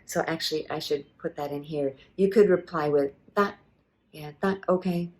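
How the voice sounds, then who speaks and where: A woman's voice: low-pitched, brisk, darkish tone. A woman teaching restaurant phrases in a casual lesson, explaining patiently and modelling each phrase with many fillers. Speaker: language teacher.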